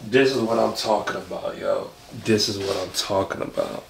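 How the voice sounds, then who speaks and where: A man giving excited, emphatic casual commentary while reacting to a song. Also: fairly low pitch, normal speed, gravelly, noisy background. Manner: excited, emphatic, repeats himself. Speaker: music reaction vlogger.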